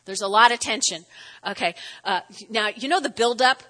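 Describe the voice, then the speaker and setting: A woman teaching a lively, chatty Bible lesson, acting out quotes as she goes. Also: on the high side, moderate pace, big-room sound. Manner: animated, chatty, acts out quotes. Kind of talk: lively sermon.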